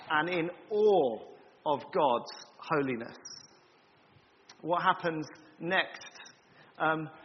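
Guy preaching a sermon, lots of ums, kinda muffled lo-fi recording w faint noise. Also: on the high side. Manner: measured, explanatory, frequent ums and repeats. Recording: dull lo-fi recording in a reverberant hall.

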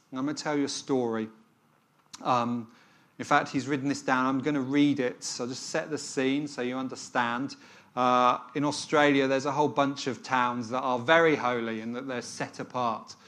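A man's voice: fairly high pitch, fairly bright tone. A man preaching a sermon, telling a story in a reflective, earnest way.

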